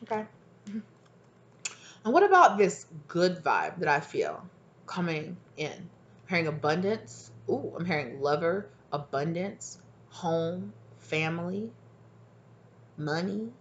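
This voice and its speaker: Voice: medium pitch, very animated, slow pace, pauses often, fairly bright tone, muffled recording, a little hiss or hum. A tarot reader giving a casual reading to viewers, talking in a chatty, emphatic, slangy way, acting out the people being described and mumbling asides over the cards.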